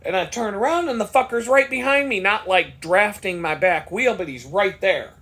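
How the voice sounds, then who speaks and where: A man's voice: high-pitched, normal speed, fairly bright tone. A man vlogger telling a story in a casual monologue, worked up and swearing freely.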